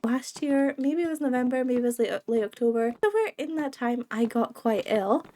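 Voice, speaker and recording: Young woman w a cold doing chatty gaming commentary, giggles a lot, talks to the mobs, kinda high voice. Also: expressive, fairly quick, dark tone. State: voice affected by a cold. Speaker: gaming video creator. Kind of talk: casual let's-play commentary.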